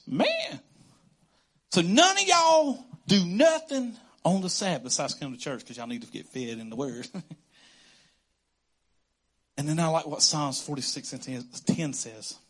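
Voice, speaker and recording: A man preaching a casual, conversational sermon as a pastor, animated and quick to laugh. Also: on the high side, husky. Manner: animated, conversational, laughs often, acts out quotes.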